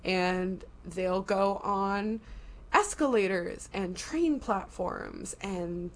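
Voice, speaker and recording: A woman in a casual podcast chat with a middle-pitched voice. She explains things at length and in detail. Her talk is loose and full of "like" fillers. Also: extremely slow.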